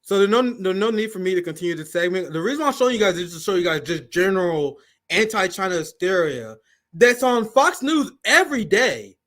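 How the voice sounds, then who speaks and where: Guy hosting a political live show, high voice, bouncy, laughs a lot while reading news. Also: brisk. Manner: animated, laughs often, slangy, reads news aloud. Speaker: host. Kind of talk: political talk show commentary.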